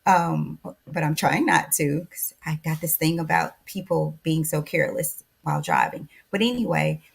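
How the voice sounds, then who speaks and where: An older woman co-hosting a casual podcast, chatty and reflective, often pausing and correcting herself. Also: deep voice, creaky, slightly rough. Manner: chatty and reflective, many fillers and self-corrections. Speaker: podcast co-host.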